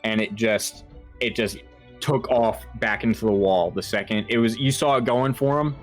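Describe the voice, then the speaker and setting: A man running a tabletop horror game as game master, talking in a halting way with lots of fillers and restarts. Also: fairly low pitch, faint music behind.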